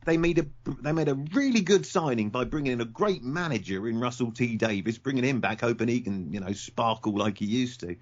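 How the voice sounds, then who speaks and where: Animated, blunt opinionated man. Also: medium pitch, a little fast, few pauses, highs cut off. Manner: blunt, opinionated, stumbling apologies. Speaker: podcast co-host. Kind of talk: heated casual chat.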